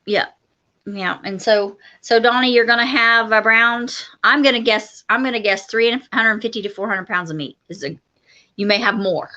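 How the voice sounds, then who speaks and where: A woman's voice: on the high side, normal speed, sharp tone, lo-fi sound. A woman co-hosting a homestead livestream, chatting casually and enthusiastically with lots of yeahs. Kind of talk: casual live-stream chat.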